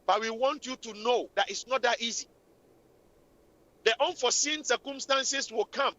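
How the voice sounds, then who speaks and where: A woman's voice: a little high, normal speed, fairly bright tone. A woman hosting a radio talk show, scolding and preaching relationship advice in a repetitive, impassioned way. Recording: lo-fi radio recording.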